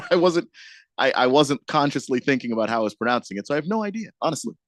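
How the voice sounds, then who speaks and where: A male radio co-host in casual chat, easygoing and quick to laugh. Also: on the high side, big pitch swings, dry recording, clean studio sound.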